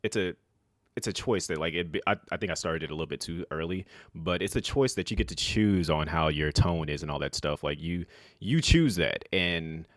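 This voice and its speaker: A man talking casually to camera as a vlogger, in a flat, monotone, rambling way. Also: sits low, normal speed, no room sound, clean studio sound. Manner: self-described monotone, relaxed and rambling with fillers.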